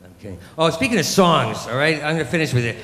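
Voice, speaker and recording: A man's voice: fairly high pitch, lively intonation, fast talker, a bit bright, big-room sound. A man doing a rambling, crude stand-up comedy set, full of sarcastic rants and mocking impressions.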